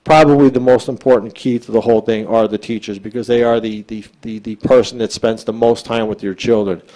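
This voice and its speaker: A man's voice: medium pitch, fairly even intonation, brisk, mellow, poor audio. An American man speaking as a school superintendent at a board meeting, earnest and emphatic, often repeating and restarting words.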